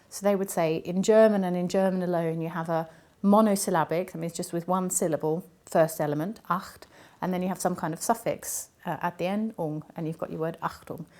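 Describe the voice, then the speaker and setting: A woman academic with a somewhat low-pitched voice answers an interviewer's questions. She explains in a measured, teacherly way and fills her pauses with ums as she thinks. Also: dark tone. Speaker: linguist and university academic.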